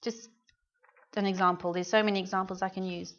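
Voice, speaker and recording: A woman's voice: mid-range voice, little pitch movement, rapid-fire, a bit bright, dull audio. A woman with a British accent preaching a sermon in an earnest, conversational way, often asking her listeners questions. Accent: British English. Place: church hall.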